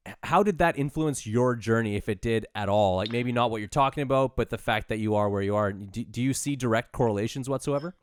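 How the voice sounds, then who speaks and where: A man's voice: medium pitch, fairly quick, clear, resonant tone, no echo, studio quality. A man hosting a podcast, asking long, thoughtful questions and repeating words as he forms them. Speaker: podcast host. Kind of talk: interview questions.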